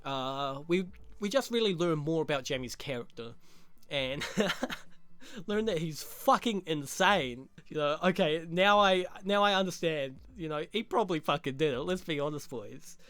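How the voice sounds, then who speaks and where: A man's voice: a little high, animated, measured pace, fairly bright tone, smooth, no room sound. A young man recapping a show in casual, crude, laughing commentary full of slang. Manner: crude, laughing, rambling slang-heavy talk. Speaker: show reviewer.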